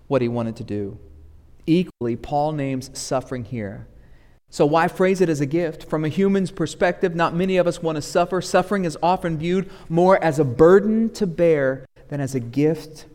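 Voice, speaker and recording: A man preaching a sermon, moving from loud, pleading passages to hushed, low ones. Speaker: pastor. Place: church sanctuary. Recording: long hall reverb.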